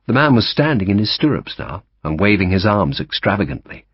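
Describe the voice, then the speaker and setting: Man, audiobook narration, lively storyteller, animated pitch, husky, dull dry sound. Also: brisk, no room sound. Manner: lively storytelling, voices each character.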